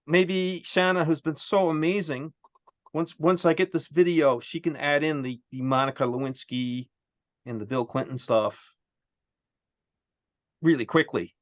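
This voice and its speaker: A man chatting casually as co-host, telling stories in a rambling, animated way with many restarts. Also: mid-range voice, no room sound, dull audio. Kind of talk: casual chat.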